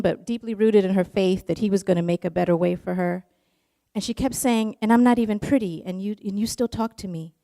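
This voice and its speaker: A woman telling a personal story in an earnest, emotional way. Her voice sits at a middle pitch with a gravelly fry in it, and her sentences roll on in long runs. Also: dark tone.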